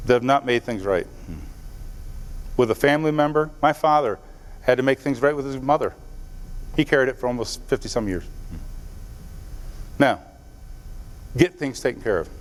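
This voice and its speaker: A man giving an earnest motivational speech to a live audience, telling stories and talking straight to the crowd. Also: medium pitch. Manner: storytelling, earnest, directly addresses the audience. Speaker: motivational speaker. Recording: long hall reverb.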